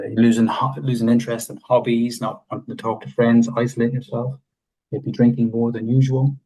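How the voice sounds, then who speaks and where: A man, a mental health advisor, giving calm, measured advice in a podcast interview and posing questions to the listener. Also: medium pitch, husky, rough recording.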